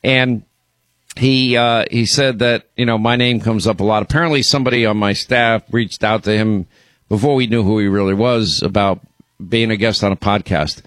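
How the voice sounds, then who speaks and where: A man's voice: on the low side, normal speed, fairly bright tone, no room sound. Radio host guy, blunt and fired up, lots of restarts, dry studio sound. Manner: blunt, indignant, many restarts. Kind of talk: talk radio commentary.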